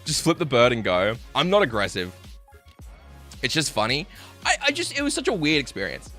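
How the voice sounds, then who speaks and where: A man's voice: medium pitch, huge pitch swings, fairly quick, bright, forceful tone, soft background music. A young man telling stories on a live stream, swearing and laughing as he chats with viewers. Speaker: livestreamer. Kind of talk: casual live-stream storytelling.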